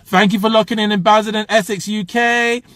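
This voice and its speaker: A man's voice: high voice, steady tone, a little fast, fairly bright tone, no echo. A man giving a passionate motivational livestream talk, preaching and reading out viewer comments. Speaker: motivational live streamer.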